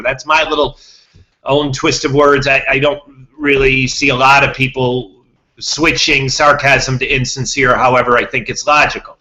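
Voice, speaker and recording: Bright-voiced rambling man. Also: mid-range voice, level tone, moderate pace, poor audio. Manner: rambling, repeats himself, restarts words. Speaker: podcast host. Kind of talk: rambling monologue to listeners.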